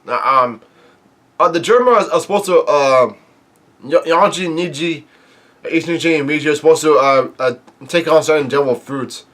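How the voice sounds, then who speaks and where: A man casually retelling a comic chapter as a reviewer, halting often with fillers and restarts as he goes. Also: fairly high pitch, fairly bright tone. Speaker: manga reviewer.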